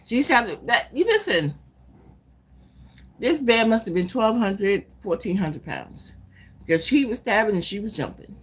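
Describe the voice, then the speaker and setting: A woman live-streaming casually, retelling a movie in an animated, profane, rambling way. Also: medium pitch, unhurried, slightly rough. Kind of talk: casual chat recapping a movie.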